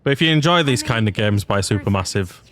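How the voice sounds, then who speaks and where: A man's voice: lowish voice, lively intonation, fast, a bit bright. A young man giving chatty, rambling, self-deprecating commentary while he streams a game. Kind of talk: casual gameplay commentary.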